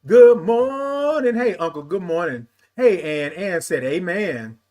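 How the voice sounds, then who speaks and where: Lively host calling out to viewers. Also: male voice, fairly high pitch, unhurried. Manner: lively, playful, sing-song with laughs and calls of "y'all". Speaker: livestream host. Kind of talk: live-stream morning talk, reading viewer comments.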